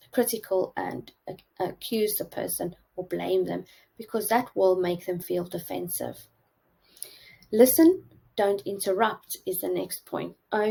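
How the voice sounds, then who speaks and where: Gravelly, husky woman giving relationship advice. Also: fairly low pitch, warm tone, low-quality recording. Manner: earnest, advice-giving, with frequent hesitations. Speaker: relationship coach presenting a masterclass. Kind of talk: instructional talk.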